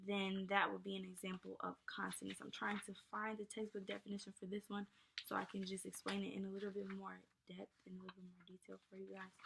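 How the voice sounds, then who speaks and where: Young woman teaching poetry, kinda monotone, gravelly fry, lots of ums and y'all. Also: medium pitch, a little hiss or hum. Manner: casual, many ums and likes, addresses viewers as y'all. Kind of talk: informal lesson.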